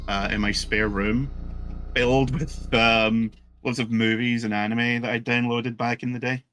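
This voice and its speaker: A man co-commenting on a horror game with a bright, crisp voice, trading dry, teasing jokes. There's a faint hiss in the background. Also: mid-range voice, little pitch movement. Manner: dry, teasing, quick to laugh. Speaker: guest co-commentator. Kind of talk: casual gameplay commentary.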